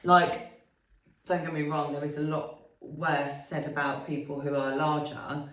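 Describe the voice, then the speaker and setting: A woman's voice: low voice, flat delivery, unhurried. Young woman chatting, roomy and distant. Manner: chatty, swears freely, many "like" fillers. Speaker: podcast co-host. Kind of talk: casual chat. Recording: echoey room, mic at a distance.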